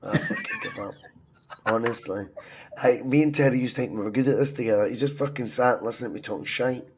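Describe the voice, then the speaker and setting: A young Scottish man hosts a football podcast through a cold, his voice sitting at an ordinary middle pitch. He talks in lively, sweary banter with plenty of swings and asides. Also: fast talker, slight background noise. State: has a cold. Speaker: podcast host. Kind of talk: casual football chat.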